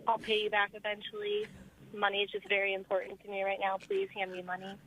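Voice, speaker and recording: A woman's voice: medium pitch, completely flat delivery, fast talker, a bit bright, slight background noise, close to an everyday voice. A woman calling in to a radio show and plainly acting a female star begging for money. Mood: pleading. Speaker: caller. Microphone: phone. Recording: tinny phone line.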